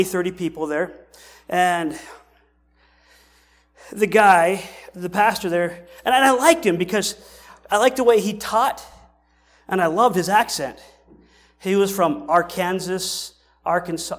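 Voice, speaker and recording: A male pastor preaching a sermon in a conversational way, asking rhetorical questions and often restarting his sentences. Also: sits high.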